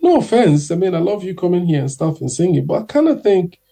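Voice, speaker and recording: A man's voice: high-pitched, very animated, fast, creaky, warm tone, slightly rough, pitched above the performer's own voice, exaggerated voice. A man voicing a friendly male karaoke host who is hesitant and politely encouraging. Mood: coaxing.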